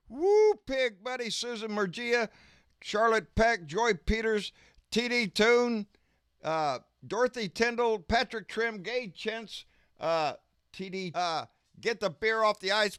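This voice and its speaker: A man's voice: high voice, pushed and bright, no room sound, studio quality. A man hosting a casual live stream, folksy and profane, calling everyone "baby" as he chats and rants.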